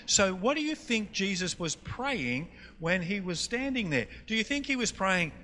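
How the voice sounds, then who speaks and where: A man's voice: sits high, very animated, normal speed, bright, forceful tone, a little hiss or hum. A man with a North Queensland Australian accent, preaching a teaching session and quizzing the audience with questions. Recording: long hall reverb, faint music.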